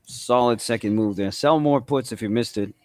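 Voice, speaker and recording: A man's voice: medium pitch, normal speed, a little mellow. A man with a New England accent hosting a live trading stream, bantering casually, swearing freely and reading chat messages aloud. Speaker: livestream trading host.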